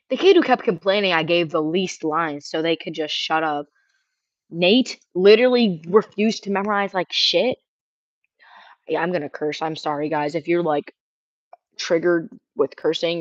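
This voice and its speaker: A streamer with a feminine-sounding voice, casually ranting and rambling, cursing freely and reading chat questions aloud. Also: female voice, lowish voice, no room sound. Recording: dull lo-fi dry mic sound.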